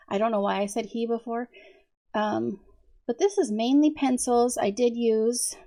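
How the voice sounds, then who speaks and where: A woman chats slowly and easily while she colors, her voice gravelly with fry. Allergies leave her hoarse, and she fills pauses with ums and little giggles. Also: medium pitch, darkish tone. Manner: chatty, many ums, giggles often. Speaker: coloring channel host. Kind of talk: casual coloring chat.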